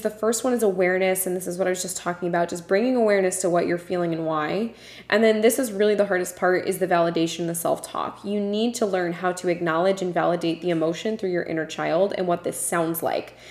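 A woman hosts her own podcast from home and talks alone in an earnest, heartfelt way, pausing with ums and uhs. Her voice sits a little low for a woman. The room around her gives a roomy echo. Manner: earnest, passionate, with frequent um and uh. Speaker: podcast host. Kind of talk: solo podcast talk. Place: home room with a puppy nearby.

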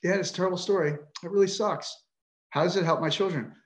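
A man's voice: sits high, fast, echoey room. A middle-aged man telling his own story on a podcast, emotional, frustrated and indignant, with frequent swearing. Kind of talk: emotional personal account.

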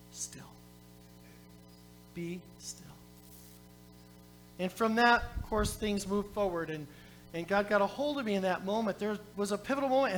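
Animated preacher man telling a story. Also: sits high. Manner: animated storytelling, swinging from loud calls to quiet reading; joking asides to the congregation. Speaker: pastor. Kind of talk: sermon.

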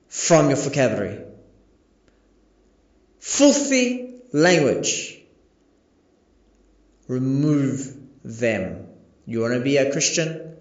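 High-voiced preaching pastor, echoey and lo-fi. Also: male voice, darkish tone. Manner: emphatic preaching with rhetorical questions. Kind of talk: sermon. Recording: echoey, dull lo-fi recording.

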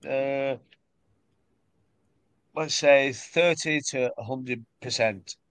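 A man's voice: medium pitch, no echo. A man with a Northern English accent co-hosting a podcast, chatting casually with crude jokes and frequent laughter. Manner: crude, joking, laughs often. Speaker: podcast co-host. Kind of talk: casual chat.

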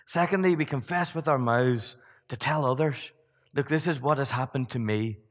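A man delivers a sermon in a church, his voice at an everyday middle pitch. He preaches in a loose, conversational way, firing rhetorical questions at the congregation and often restarting mid-sentence. A long hall reverb trails behind each phrase. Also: normal speed.

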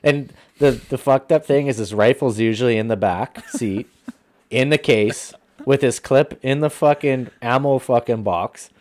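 A man telling hunting stories in casual podcast chat, profane and animated. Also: mid-range voice, normal speed.

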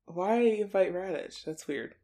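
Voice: medium pitch, measured pace, mellow. A podcast co-host chatting casually, laughing often and reacting wryly to a TV episode. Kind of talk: casual rewatch podcast chat.

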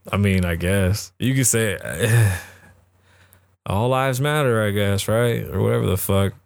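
A man's voice: lowish voice, takes it slowly, creaky, dry recording, studio quality. A man hosting a podcast, giving casual, profane and rambling commentary on the news. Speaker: podcast host.

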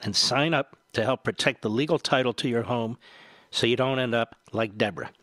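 A man's voice: mid-range voice, a little fast, a bit bright, no echo. A man hosting a talk radio show, reading ads in an emphatic way while short of breath.

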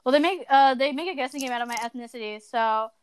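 Chatty high-voiced teen girl. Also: fast talker, noisy background. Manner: chatty, talks a lot, many fillers. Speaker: podcast co-host. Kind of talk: casual chat.

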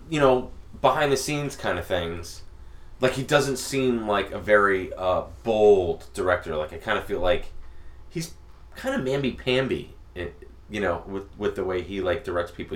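A man in casual conversation about a movie, animated and loose, sometimes swearing and trailing off mid-thought. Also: on the low side, moderate pace. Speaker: podcast co-host.

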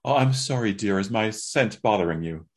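A man voicing a calm, refined and wealthy undead duchess who speaks in a genteel, sweetly condescending way. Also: lowish voice, moderate pace, breathy edge.

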